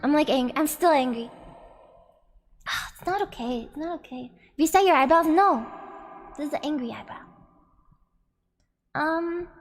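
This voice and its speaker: A woman's voice: sits high, measured pace, pauses often, big-room sound. A woman streamer chatting playfully with her chat between karaoke songs. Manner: chatty, reads chat aloud, playful complaints. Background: karaoke backing track.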